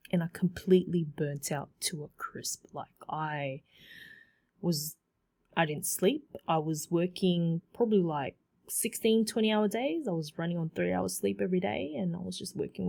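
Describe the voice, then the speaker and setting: Chatty woman telling her story. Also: lowish voice. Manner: chatty, animated, many fillers and repeats. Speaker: podcast host. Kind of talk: casual solo podcast storytelling.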